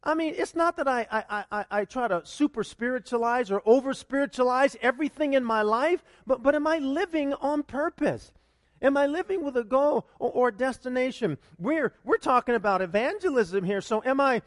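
A man preaching a casual, animated sermon with a very high voice that leaps up and down in pitch. He throws out rhetorical questions and restarts his phrases often. The sound is close and dry. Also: moderate pace, no echo. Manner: conversational and animated, with many repeated starts and rhetorical questions. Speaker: pastor.

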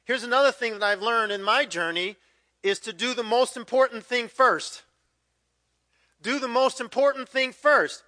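A man in his fifties preaching a conversational sermon, swinging from loud acted quotes to quiet, drawn-out emphasis. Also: sits high, no room sound. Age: 50s. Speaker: pastor.

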